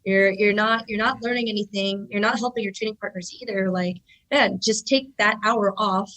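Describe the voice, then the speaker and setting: A woman in her thirties chats on a podcast about training and coaching. Her pitch sits in an ordinary middle range. She talks in a loose, animated flow, packed with filler words. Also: moderate pace, rough recording. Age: 30s. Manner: chatty, animated, heavy use of filler words. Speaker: jiu-jitsu black belt competitor and instructor. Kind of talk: casual podcast conversation.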